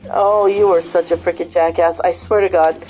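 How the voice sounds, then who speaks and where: A woman hosting a casual vlog, cursing freely as she tells an animated story. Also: lowish voice, normal speed, faint music behind. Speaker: vlog host. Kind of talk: casual chat and retelling.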